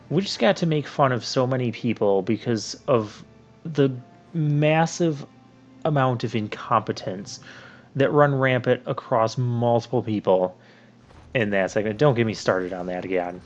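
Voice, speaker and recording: A man's voice: mid-range voice, dull audio. Chatty man doing gameplay commentary. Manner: chatty, joking, rambling. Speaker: let's play host.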